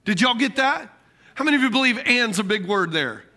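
A man preaching a sermon, asking the congregation questions, repeating key words and swinging between loud bursts and quiet lines. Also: very high voice, expressive, fairly quick. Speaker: pastor.

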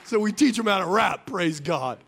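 A man's voice: high voice, expressive, normal speed, gravelly, fairly bright tone, a little hiss or hum. A man preaching as a pastor, joking and laughing often, on a wireless stage mic in a church. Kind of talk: sermon.

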